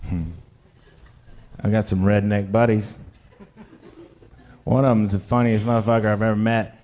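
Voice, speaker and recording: A man's voice: fairly low pitch, steady tone, normal speed, darkish tone, slight background noise. A man performing a stand-up comedy set on a club stage, telling crude, self-deprecating confessional jokes and questioning the crowd directly. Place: comedy club stage before a laughing audience.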